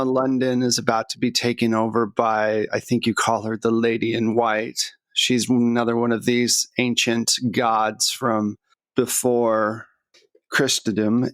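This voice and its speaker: A man voicing a tall, gaunt, gray-skinned male servant of an ancient god, speaking in a flat, coldly polite monotone. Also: medium pitch, dry recording.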